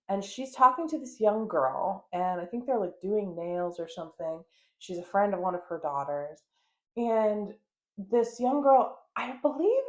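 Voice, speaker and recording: A woman's voice: mid-range voice, a little mellow. A young adult woman from the United States hosting a podcast, chatting frankly with lots of fillers and the odd swear. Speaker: podcast host. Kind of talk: casual chat.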